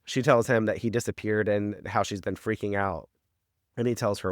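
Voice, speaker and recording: A man's voice: fairly low pitch, steady tone, moderate pace, dry recording, studio quality. A man co-hosting a podcast, recapping a TV episode in rambling casual chat full of fillers and swearing.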